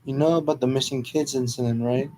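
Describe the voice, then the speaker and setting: A man's voice: medium pitch, steady tone, fast, noisy background, close to an everyday voice. A man voicing a tough, short-tempered young woman who snaps orders impatiently, in an amateur fan story reading. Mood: upset. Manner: bossy, impatient, snapping orders.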